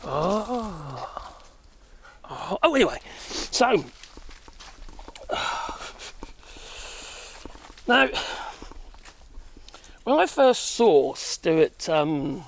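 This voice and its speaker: Middle-aged vlogger man, high and lively voice, breathless on a woodland walk, rambles and swears with chuckles. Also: drawn-out words, creaky, long pauses, a little hiss or hum. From Europe. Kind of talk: casual rambling chat. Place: outdoors walking in woods.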